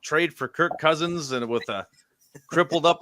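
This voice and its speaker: A man's voice: a little high, measured pace, pushed and bright, dry recording. A man co-hosting a casual sports chat, opinionated and emphatic as he argues his points. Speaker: co-host.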